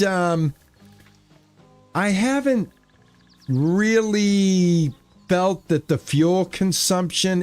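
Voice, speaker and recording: A male streamer plays a farming game and chats with his live chat, relaxed and rambling. His voice is a little high with a darkish tone, and there's no room sound.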